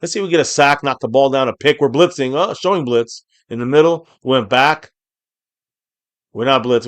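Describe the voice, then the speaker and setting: A man hosting a live game reaction stream, calling plays, reading viewer comments aloud, and erupting into shouts on big plays. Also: mid-range voice, animated, fast talker, no echo, clean studio sound.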